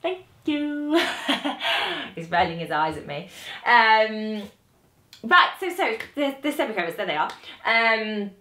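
Bright, chatty British woman teaching. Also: mid-range voice, lively intonation, measured pace. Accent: British English. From Britain. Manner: chatty, self-mocking, laughs at herself. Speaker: saxophone teacher. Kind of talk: casual music lesson to camera. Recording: echoey room.

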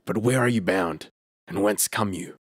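A man's voice: on the low side, normal speed, dry recording, studio quality. A man putting on a harsh, stern temple keeper. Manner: gruff and suspicious. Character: stern, guarded male temple keeper of ancient Britain. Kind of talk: audiobook character reading.

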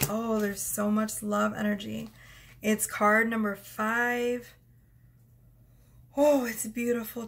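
A woman's voice: mid-range voice, gravelly. A young woman giving a casual tarot reading, effusive and emotional as she reads out cards. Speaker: tarot reader.

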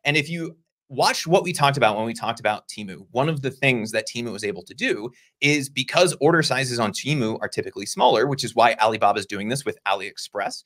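A man co-hosting a casual discussion show, explaining points in a conversational way with quick asides. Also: mid-range voice, lively intonation, a bit bright. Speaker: podcast co-host.

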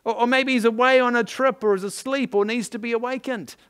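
A man voicing a scornful prophet who mocks his rivals in a loud, high, scoffing tone. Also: steady tone, fairly quick, smooth.

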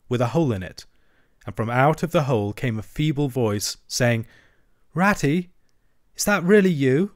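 A man narrates a classic novel at an even, measured pace. His voice sits at a middle pitch and he tells the story with plain expression. The recording is dry, with no room sound. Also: no room sound. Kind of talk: audiobook reading of a classic novel.

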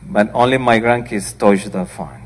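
A man's voice: lowish voice, moderate pace, noisy background. An older man preaching as a pastor, speaking earnestly and plainly, with informal asides between scripture readings in a church. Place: church sanctuary. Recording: church hall reverb.

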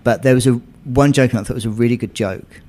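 A screenwriter being interviewed, chatting casually and telling animated stories with frequent restarts. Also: male voice, mid-range voice, fast talker. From England. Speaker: screenwriter guest. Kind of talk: conversational interview.

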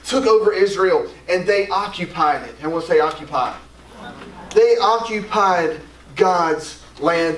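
A male pastor giving a conversational, enthusiastic sermon and calling for responses from the congregation. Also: high voice. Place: church sanctuary. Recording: roomy, distant church recording with faint background noise.

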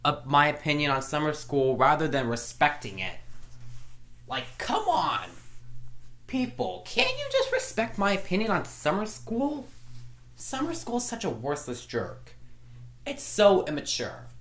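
Woman with a low, unhurried voice, ranting in frustration with stumbles and restarts, recorded in an echoey room. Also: wildly swooping pitch, fairly bright tone. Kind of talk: angry vlog rant.

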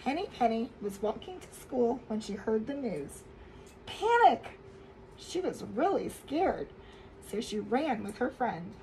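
A woman reading a children's story aloud at a camp, expressive with loud dramatic outbursts. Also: fairly high pitch, measured pace, a little hiss or hum, poor audio.

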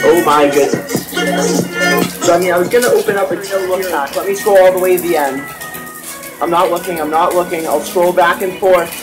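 A mobile game YouTuber giving excited commentary while opening card packs, exclaiming loudly at each reveal. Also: medium pitch, rough recording. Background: background music.

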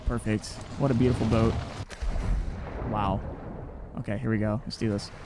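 A man's voice: fairly low pitch, little pitch movement, moderate pace, background noise. A young man swearing and rambling through casual commentary as he plays a game. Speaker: game streamer.

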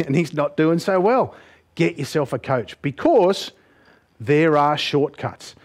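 A man giving a humorous, animated motivational presentation and putting on voices for his stories. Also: a little high, normal speed. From Australia. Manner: jokey, animated, puts on voices. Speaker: motivational speaker.

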